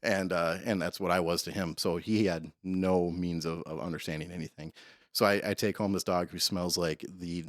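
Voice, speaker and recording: Deep-voiced man telling long stories. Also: steady tone, moderate pace, dry recording, studio quality. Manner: rambling, self-interrupting storyteller. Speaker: guest, police canine trainer. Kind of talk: casual storytelling interview.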